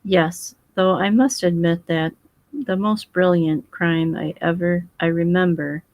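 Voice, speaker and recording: A woman's voice: on the low side, fairly even intonation, no room sound, muffled recording. A woman reading as a fussy foreign detective. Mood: measured. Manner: formal, measured speech.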